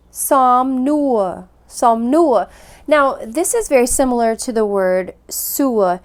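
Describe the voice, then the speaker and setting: A woman teaching a recorded phonics lesson, patiently repeating words and sounding them out slowly for practice. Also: a little high. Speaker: language teacher.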